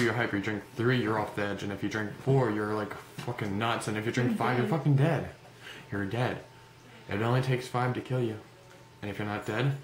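A man vlogging in a goofy, rambling comedic monologue, joking in a mock-serious way. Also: lowish voice. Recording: echoey room with background noise.

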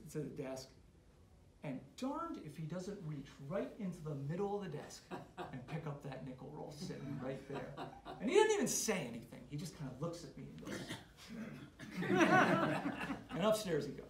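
Man, casual storyteller at a club lunch; animated, stumbles and restarts, hall echo. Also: fairly high pitch. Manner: animated, halting with many restarts. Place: meeting room. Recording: roomy hall sound, faint noise.

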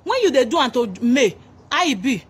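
A woman's voice: high-pitched, sing-song, normal speed, breathy edge. A Nigerian woman with a Nigerian accent, ranting angrily and mocking a celebrity, switching into pidgin. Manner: scolding, mocking, mixing pidgin. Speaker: commentator. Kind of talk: angry reaction rant.

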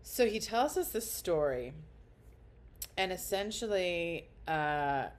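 A woman's voice: lowish voice, animated, slow pace. A woman guest on a podcast, telling a story in casual chat, blunt and crude, acting out quotes with big jumps in her voice.

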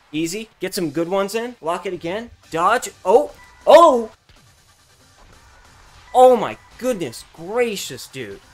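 This gaming streamer is a young guy whose laid-back, swear-filled play-by-play jumps from noisy, thrilled shouts down to mumbling under his breath.

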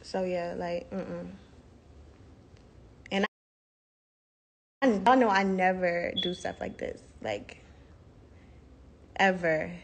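A woman's voice: fairly low pitch, lively intonation, takes it slowly, long pauses, slight background noise. A young woman ranting bluntly and profanely into her phone on a livestream. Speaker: livestream host. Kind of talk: heated casual livestream rant.

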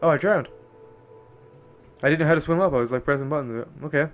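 A man giving profane, excitable running commentary while playing a game, often yelping and exclaiming. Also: a little high, fast, faint music behind. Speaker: gameplay streamer. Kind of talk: let's play commentary.

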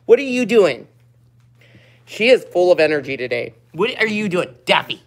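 A woman's voice: fairly low pitch, sing-song, moderate pace. A woman vlogger in casual chat, cooing in baby talk at puppies.

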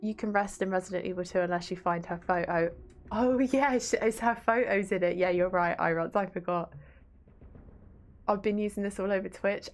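A woman with a Yorkshire accent streaming a video game, chatting casually with viewers and swearing freely. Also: medium pitch. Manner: chatty, reads chat aloud, swears casually. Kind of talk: casual gaming stream chat.

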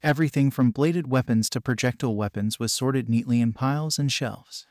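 A male narrator reads fan fiction in an even, flat manner. His pitch sits in the middle range, and the recording is dry and close. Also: normal speed, hardly any pauses, no echo. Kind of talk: read-aloud fanfiction narration.

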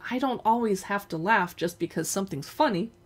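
A woman's voice: mid-range voice, fairly quick, slightly rough, natural voice. A woman voicing a grumpy young boy who scolds his little sister curtly. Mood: stern. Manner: curt, scolding. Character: grumpy young boy, annoyed older brother.

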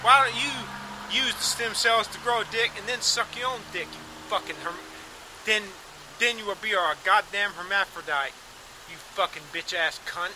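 High-voiced man ranting bitterly outdoors. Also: moderate pace. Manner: bitter, profane, shouting in bursts. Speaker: vlogger. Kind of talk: angry ranting monologue to camera. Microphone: handheld camera. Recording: loud outdoor traffic noise.

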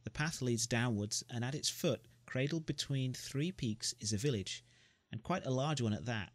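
A man's voice: mid-range voice, moderate pace, no room sound. A man reading the narration of a story game aloud, with joking asides. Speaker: gamer.

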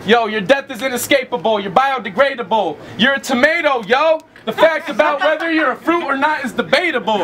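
Brash high-voiced battle rapper man. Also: slight background noise. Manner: shouting, brash taunts. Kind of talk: battle rap verses. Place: indoor battle rap venue.

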